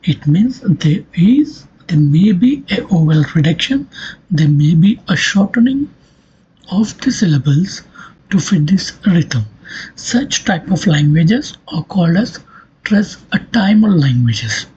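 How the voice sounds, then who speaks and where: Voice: medium pitch, sing-song, dark tone, breathy edge. A lecturer giving a recorded academic talk, explaining step by step and repeating points. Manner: slow, repetitive, step-by-step explaining. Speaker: linguistics lecturer. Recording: dull lo-fi recording.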